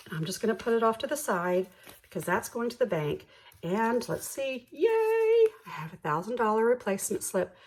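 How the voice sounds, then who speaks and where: A woman hosting a budgeting vlog, slowly counting bills aloud in a soft ASMR style, bubbly and self-deprecating between counts. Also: on the low side, a little hiss or hum. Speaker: budgeting channel host.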